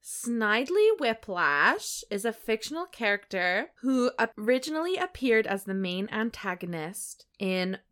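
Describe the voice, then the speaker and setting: A woman co-hosting a casual podcast who reacts in an excitable, teasing way and laughs readily. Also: mid-range voice, unhurried, hardly any pauses. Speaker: podcast co-host. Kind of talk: casual chat.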